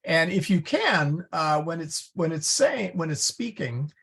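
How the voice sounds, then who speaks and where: A man's voice: on the high side, lively intonation, unhurried, a bit bright, breathy edge. A man teaching a small Latin class, thinking aloud as he clicks through slides and explains grammar. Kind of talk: informal class discussion.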